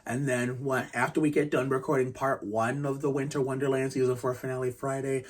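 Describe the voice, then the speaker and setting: A man in his thirties hosting a casual basketball review vlog, rambling and restarting often and keeping his voice quiet. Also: medium pitch, little pitch movement, brisk. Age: 30s. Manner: speaks quietly to keep the noise down. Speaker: channel host reviewing basketball games.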